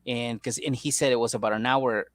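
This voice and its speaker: A man's voice: mid-range voice, fairly even intonation, a little fast, no room sound. Laid-back "dude"-saying man, dry mic. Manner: laid-back, says "dude" a lot, playful impressions. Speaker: podcast co-host. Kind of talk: casual comedic chat.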